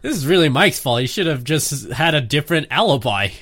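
A man's voice: a little high, sing-song, brisk, fairly bright tone, no room sound. A man co-hosting a casual film-discussion podcast who chimes in with short, blunt remarks. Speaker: podcast co-host.

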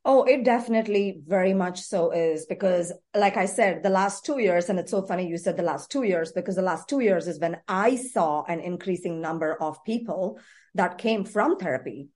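Lower-voiced woman life coach, emphatic. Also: normal speed, a little mellow. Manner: emphatic, affirming, explains with conviction. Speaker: life coach, podcast host. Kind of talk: conversational interview.

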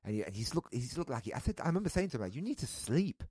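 A man's voice: medium pitch, sing-song, rapid-fire, a little mellow, no echo. A man hosting a comedy podcast, slangy and sweary, acting out people in his stories. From London. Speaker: podcast host. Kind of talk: casual comedic chat.

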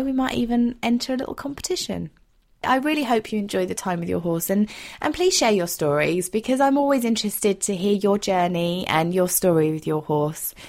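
Heartfelt woman telling a story. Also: mid-range voice. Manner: heartfelt, emotional, gentle. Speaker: podcast host. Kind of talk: personal storytelling monologue.

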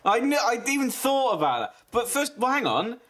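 Playful, teasing man with lively pitch. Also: moderate pace. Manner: playful, teasing, sweary banter. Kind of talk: casual comedic chat.

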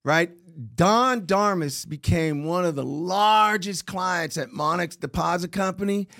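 Middle-aged man, lively storyteller, fairly high voice, dry close sound. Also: a little slow, no room sound. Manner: animated storyteller acting out quoted dialogue. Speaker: interview guest. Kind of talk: storytelling in a casual interview.

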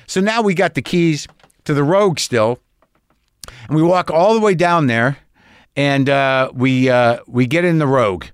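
A man in his sixties, telling a long story in casual monologue, animated and exasperated, swearing and acting out both sides of the dialogue. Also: on the high side, unhurried, clear, resonant tone, no room sound, clean studio sound.

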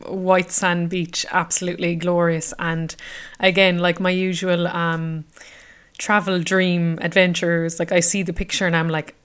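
A woman's voice: on the low side, steady tone, normal speed, a bit bright. A woman of about thirty, chatting casually about her travels, rambling with many fillers. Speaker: travel vlogger.

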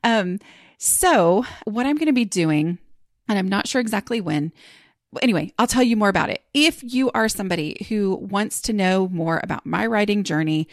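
Gravelly-voiced chatty woman podcast host. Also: medium pitch, lively intonation, moderate pace, dry recording, clean studio sound. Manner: rambling, chatty, many fillers and restarts. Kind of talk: casual chat.

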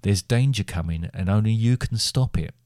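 A man voicing a wise, vague old male wizard in a deep, measured voice. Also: warm tone, no echo, clean studio sound, natural voice. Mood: solemn.

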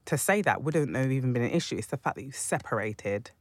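A man's voice: medium pitch, expressive, fast talker. A man co-hosting a casual panel discussion who speaks thoughtfully and searches for his words as he goes. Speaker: podcast co-host.

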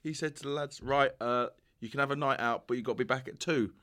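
A man's voice: mid-range voice, fast talker, a bit bright. A man telling a funny story in casual chat, giggling as he goes.

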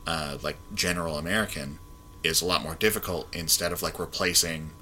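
A young man with a low but bright voice holds forth on movies in casual chat. He is blunt and opinionated and swears freely. A faint hum of room ambience sits behind him. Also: fairly even intonation, a little fast, poor audio. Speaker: podcast co-host.

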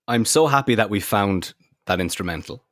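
A man co-hosting a podcast, telling stories in chatty, animated casual talk. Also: on the low side, normal speed, dry recording, studio quality. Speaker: podcast co-host.

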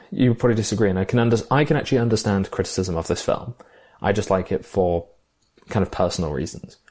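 A man's voice: on the low side, dark tone. A man chatting casually about a favourite film, enthusiastic and reflective. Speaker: film podcast co-host.

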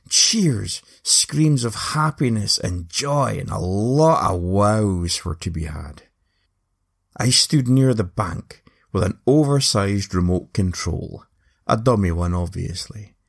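A man's voice: medium pitch, creaky. A Scottish man narrating a story with wry, playful asides.

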